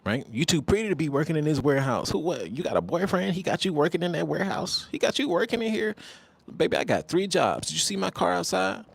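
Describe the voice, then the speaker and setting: A man voicing a smooth-talking male flirt who boasts and sweet-talks in a raised, softer voice. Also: on the high side, big pitch swings, fast talker, dry recording, pitched above the performer's own voice, exaggerated voice. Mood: smooth, boastful. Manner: boastful, coaxing sweet talk.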